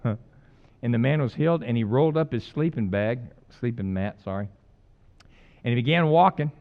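A man's voice: mid-range voice, expressive, moderate pace, phone-quality sound. A male pastor giving a casual, joking sermon that builds to fervent emphasis. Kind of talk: conversational sermon.

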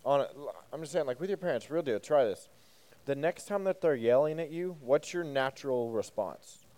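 A man's voice: medium pitch, expressive, moderate pace, a little mellow. A man, a youth pastor, giving a casual sermon to a group, asking them questions and joking between points. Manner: conversational, asks the group questions, joking asides.

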